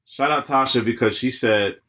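A young man co-hosting a podcast in casual chat, laid-back and quick to laugh, with long rambling asides. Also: mid-range voice, bright, forceful tone. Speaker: podcast co-host.

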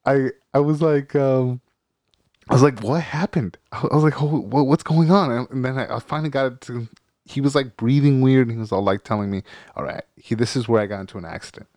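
Male, casual chat, excitable and laughing, mid pitch, dry close sound. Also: quick pace, no room sound. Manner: excitable, laughs while telling, mimics others. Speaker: older brother of the storyteller.

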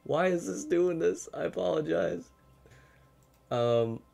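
A man's voice: on the high side, slow pace, vocal fry, warm tone. A young man hosting a podcast in casual chat, who swears a lot and gets frustrated easily. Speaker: podcast host.

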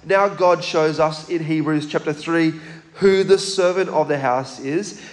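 Slow, high-voiced male preacher in church. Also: long reverb tail. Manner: measured, emphatic preaching with rhetorical questions. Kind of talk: sermon.

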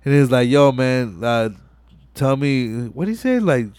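A man hosting a podcast retells a film scene by scene at a measured pace in a smooth, mid-range voice. He swears freely and acts out the characters' dialogue, keeping it casual and animated. There's no room sound.

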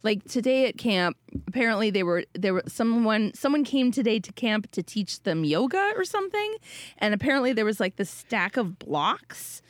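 A woman's voice: fairly high pitch, big pitch swings, moderate pace, no room sound. A middle-aged woman, a mother of three, telling a rambling funny story in casual chat and laughing often.

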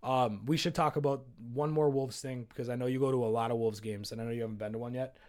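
A man's voice: medium pitch, fairly even intonation, fast, darkish tone, clear, resonant tone. A man co-hosting a sports podcast, talking casually and animatedly, swearing freely as he rants. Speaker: podcast co-host.

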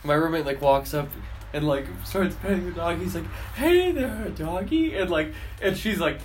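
A man's voice: a little high, normal speed. A young man in his twenties, co-hosting a casual podcast, laid-back and joking, saying "like" and "dude" a lot. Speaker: podcast co-host. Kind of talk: casual chat. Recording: echoey room with faint noise.

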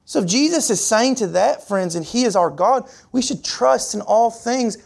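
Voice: animated, moderate pace, gravelly, few pauses. Earnest preacher with swinging emphasis. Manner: earnest, repetitive, rhetorical questions to the congregation; pitch and pace swing widely for emphasis. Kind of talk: sermon.

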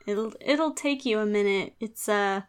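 A woman's voice: medium pitch, a little slow, clean tone. Giggly woman hosting a chatty podcast. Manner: giggly, playful, rambling. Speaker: podcast host. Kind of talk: casual chat.

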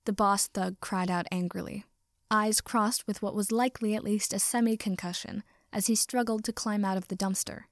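A woman's voice: medium pitch, steady tone, normal speed, no room sound, lightly acted. A woman gives voice to a concussed street thug spitting curses, his voice strained and raised. In a dry, close storybook reading he sounds unhinged and crude. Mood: angry. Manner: coarse, angry ranting. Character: angry dazed male street thug, coarse and manic.

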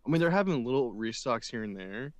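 A man's voice: medium pitch, expressive, fast talker, dry recording. Dry, slangy young man hosting. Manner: loose, slangy, swears freely. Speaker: podcast host. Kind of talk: casual chat.

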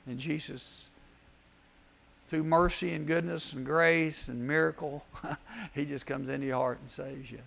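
A man preaching gently and earnestly at a camp chapel, leading a prayer and an invitation. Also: fairly high pitch, fairly even intonation, unhurried, gravelly, long pauses. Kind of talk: sermon with altar call prayer.

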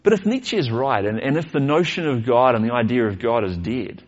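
A man's voice: medium pitch, lively intonation, a little fast, highs cut off. A male pastor, preaching a sermon earnestly and posing rhetorical questions.

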